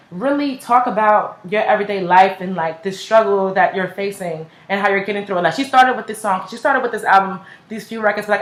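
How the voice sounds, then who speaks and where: A woman's voice: medium pitch, a bit bright. A young woman chatting casually in a music reaction video, gushing and filling every sentence with "like" and slang. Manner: gushing, heavy use of "like" and slang. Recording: echoey room.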